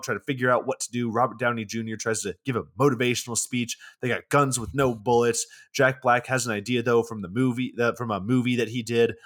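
A man in casual podcast chat, walking through a movie scene by scene in a loose, rambling way. He swears freely and fills gaps with "you know" and "like." His voice sits at a middling pitch for a man. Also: a bit bright. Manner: loose and profane, lots of fillers. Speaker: podcast co-host.

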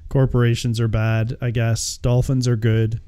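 A man's voice: mid-range voice, little pitch movement, normal speed, warm tone, clean tone. A man chatting casually about a movie, rambling and swearing, often laughing as he talks.

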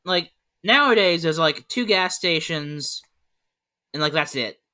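A man's voice: on the high side, expressive, a little slow, pushed and bright. A man co-hosting a podcast, telling loose, rambling anecdotes packed with "like" in a casual chat. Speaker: podcast co-host.

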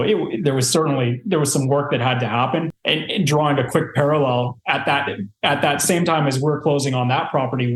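A man telling a story in a casual interview, rambling with many fillers and restarts. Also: medium pitch. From Canada. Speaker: real estate investor guest. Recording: roomy echo.

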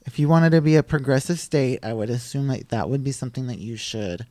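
A man's voice: medium pitch, a little fast, dark tone, no echo. A man hosting a casual podcast chat, laughing often and reading news items aloud from a studio. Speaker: podcast host. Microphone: studio microphone.

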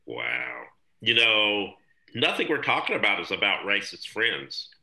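A man's voice: on the low side, unhurried, vocal fry, rough recording. A man co-hosting a podcast in casual, joking chat, recorded on a laptop's built-in mic. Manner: joking, animated storyteller. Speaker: podcast co-host.

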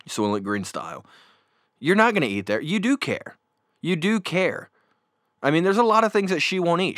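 A man hosting a casual chat show, telling stories in a rambling, animated way with many fillers, close on a desk microphone. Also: mid-range voice, no room sound. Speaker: podcast host. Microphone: new desk microphone.

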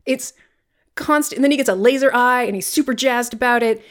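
A woman co-hosting a casual movie review podcast, talking in an animated way, quoting lines and laughing often. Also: on the high side, fairly quick. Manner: animated, quotes characters in put-on voices, laughs often. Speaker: podcast co-host.

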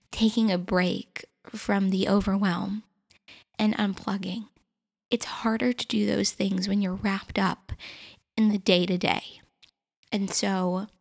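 Podcast host, woman in her twenties, earnest and encouraging, gravelly vocal fry, solo monologue. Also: medium pitch. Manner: earnest, encouraging, self-reflective.

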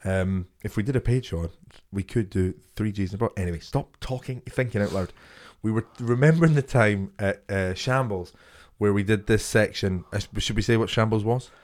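Sweary comedian telling stories. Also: male voice, on the low side, normal speed, a little mellow. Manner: sweary, storytelling, laughs often. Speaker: comedian podcast co-host. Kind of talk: casual chat.

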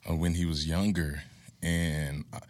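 A man with a low, deep voice speaks as a podcast guest. His advice is candid and earnest, and it builds toward impassioned, sermon-like conviction. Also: flat delivery, unhurried, darkish tone.

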